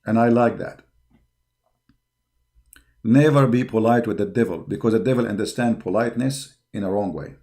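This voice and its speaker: A man's voice: lowish voice, moderate pace, pauses often, a little mellow. A man hosting an online show, delivering a combative, impassioned monologue full of repeated words and fillers. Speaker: online apologetics show host.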